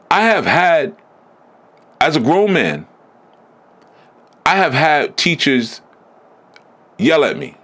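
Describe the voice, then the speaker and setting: A man giving a blunt, emphatic spiritual teaching talk in a deliberate, preaching manner. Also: a little high, big pitch swings, fairly bright tone. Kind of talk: preaching lecture.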